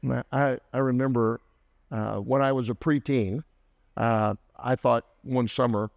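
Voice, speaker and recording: A man's voice: medium pitch, fairly even intonation, measured pace, vocal fry, no room sound. Guy spinning a folksy story, lots of uh's, muffled dry mic. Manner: folksy, with frequent "uh" and restarts. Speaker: co-host. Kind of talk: casual storytelling.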